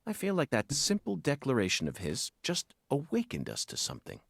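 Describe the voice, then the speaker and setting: A man's voice: mid-range voice, wildly swooping pitch, a little fast, creaky, fairly bright tone, husky, no room sound, heavily acted. An actor playing a philosophical male agent in a video game, speaking in an earnest, musing way. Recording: game audio with noise.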